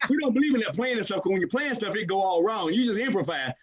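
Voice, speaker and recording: Brief: man, high voice, rapid-fire hype host on a video call, muffled line with lots of chatter behind. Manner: energetic, repetitive, call-and-response hype. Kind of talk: hyped-up live call hosting. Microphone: computer mic on a video call.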